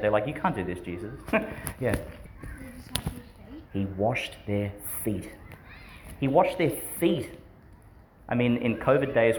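A man's voice: mid-range voice, a little hiss or hum. A man, a priest giving a homily to schoolchildren in a chatty, questioning way that often breaks into laughs. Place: school church service.

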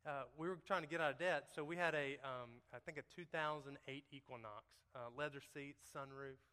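A man's voice: mid-range voice, fairly quick, sharp tone, clear, resonant tone. A man giving a folksy, joking testimony to a church congregation, talking straight to the crowd. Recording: long hall reverb.

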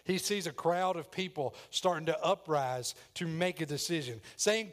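Preacher acting out the scene. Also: male voice, fairly high pitch, moderate pace, few pauses. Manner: dramatic, acts out voices in the story. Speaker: pastor. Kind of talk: sermon.

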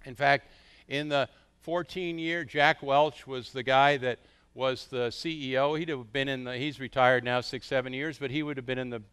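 Smooth-voiced middle-aged male preacher. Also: mid-range voice, normal speed. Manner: animated storytelling with rhetorical questions. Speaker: pastor. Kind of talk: sermon.

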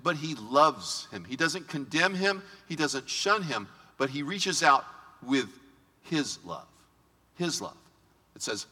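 Lively male pastor in a reverberant church. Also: fairly high pitch, slow pace, breathy edge. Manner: lively, joking, talks straight to the congregation. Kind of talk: sermon. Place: church sanctuary. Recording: long reverb of a big church hall.

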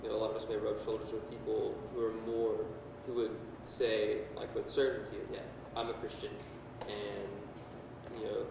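A man's voice: lowish voice, flat delivery, moderate pace, creaky. A man in the audience asking a hesitant question, full of fillers. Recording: very echoey hall, from far off, noise.

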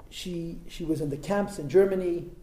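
A man's voice: a little high, normal speed, dark tone. A man telling a story in an informal religious talk, conversational and emphatic, with asides to his listeners. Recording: roomy echo with faint background.

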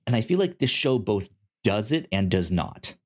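A man co-hosting a podcast in casual chat, animated, stumbling and repeating the starts of words. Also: normal speed. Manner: animated, stammers on word starts; acts out quotes in a high voice. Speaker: podcast co-host.

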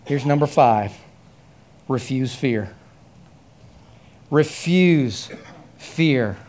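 A man preaching a sermon, telling a story with many repeated phrases and rising to loud, high emphasis. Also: expressive, very slow. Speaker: pastor.

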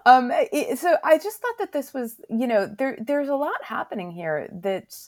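A woman's voice: sits high, sing-song, normal speed, dry recording, clean studio sound. A woman hosting a podcast, chatting casually and thinking aloud with curious questions. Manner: thoughtful, lots of fillers, loose and curious. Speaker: podcast host. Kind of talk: casual interview chat.

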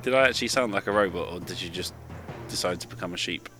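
A man's voice: sits low, fast talker, faint music behind. A man chatting and swearing while playing a co-op game with friends. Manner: swearing, laughing, excitable. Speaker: gamer. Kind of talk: casual game chat.

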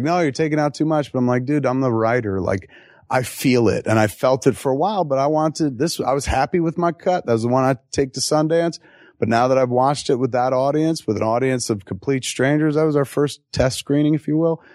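A man answering audience questions at a live Q&A, telling stories in an animated, profane way with quick asides and acted-out quotes. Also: medium pitch, dry recording, studio quality. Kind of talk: live Q&A storytelling.

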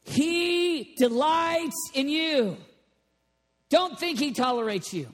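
A man preaching a lively sermon, animated and playful, bursting into shouts. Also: extremely high pitch, slow pace. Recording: long reverb of a large hall.

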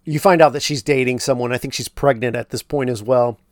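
A man talks through a film plot at mid pitch in a loose, chatty way, with plenty of fillers. He keeps breaking off to point out what really happened. The sound is close and dry, with no room echo. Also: steady tone, fairly quick. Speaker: podcast host. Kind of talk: casual film recap.

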